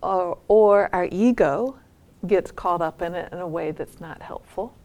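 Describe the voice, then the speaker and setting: A woman teacher retelling a folk tale in a reflective talk, often trailing off into soft near-whispers. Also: fairly low pitch, a little slow. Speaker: meditation teacher.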